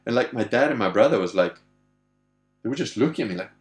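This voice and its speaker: A man's voice: mid-range voice, expressive, quick pace. A man chatting casually, telling rambling stories with swearing and acted-out voices. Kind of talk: casual chat. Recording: echoey room with music.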